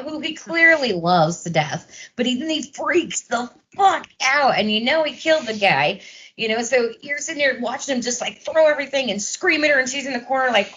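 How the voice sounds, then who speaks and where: A woman's voice: fairly high pitch, a bit bright, breathy edge. A woman co-hosting a casual film podcast, swearing freely and acting out scenes as she talks. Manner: swears freely, acts out scenes with quoted voices. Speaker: podcast co-host. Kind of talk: casual film-discussion chat.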